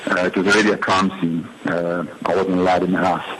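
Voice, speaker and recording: A man giving an interview account as a friend, hesitant and full of pauses. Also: deep voice, level tone, a bit bright. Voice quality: hesitant, many uh fillers. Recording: noisy recorded interview audio.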